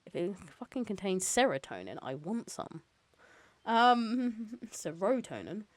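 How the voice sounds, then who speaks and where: A woman's voice: lowish voice, sing-song, moderate pace, a little mellow, no room sound, rough recording. A woman streamer reading a novel aloud, breaking off now and then for casual, sweary asides.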